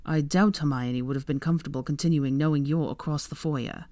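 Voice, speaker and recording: A woman voicing a sullen, weary young wizard in a fan-fiction audiobook, grumbling and low-key. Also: fairly even intonation, brisk, mellow, no echo, close to an everyday voice.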